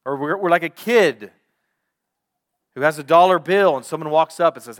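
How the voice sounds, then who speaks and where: A pastor preaching a sermon, teaching through a Bible passage with measured pauses. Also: male voice, a little high.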